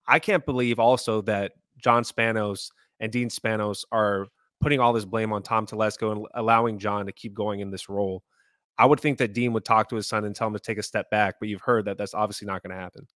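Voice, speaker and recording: A man's voice: fairly low pitch, steady tone, fairly quick, fairly bright tone, no room sound, studio quality. A man co-hosting a sports podcast, giving his opinions in casual chat. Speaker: podcast co-host.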